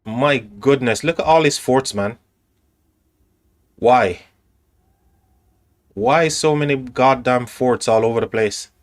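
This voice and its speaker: Speaking slowly in a medium pitch and pausing often, a streamer chats loosely with his viewers about a strategy game. He's rambling and talkative, addressing chat directly with plenty of fillers and restarts.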